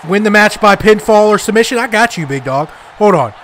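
A young man with a high, bright voice narrates his own gameplay live. His pitch swings widely as he gets worked up, shouting and trash-talking at the screen in frustration. A faint hiss sits under the recording. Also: lively intonation, brisk. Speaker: gaming YouTuber.

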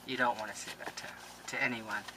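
A middle-aged woman, opening mail on camera in a casual vlog, gushing and excitable. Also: a bass voice, fast talker, slight background noise, low-quality recording. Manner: gushing, excitable, laughs and gasps often. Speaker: crafting vlogger.

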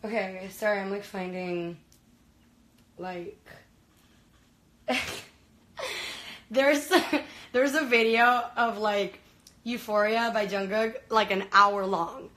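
A woman's voice: mid-range voice, takes it slowly, long pauses, fairly bright tone, slight background noise, rough recording. A young woman from Venezuela chatting casually on a live stream, gushing and full of fillers, talking into a phone. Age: young adult. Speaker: livestreamer.

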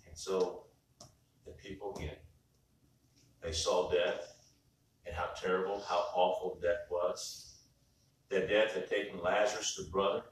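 Lower-voiced preacher in an echoey sanctuary. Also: male voice, fairly bright tone. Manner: conversational preaching with repeated word restarts. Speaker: pastor. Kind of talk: sermon. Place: church sanctuary. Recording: far-off mic in echoey church.

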